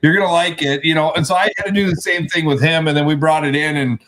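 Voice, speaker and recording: A man's voice: a little high, fast talker, a bit bright. Rambling man in casual chat. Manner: rambling storyteller, many restarts. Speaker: co-host.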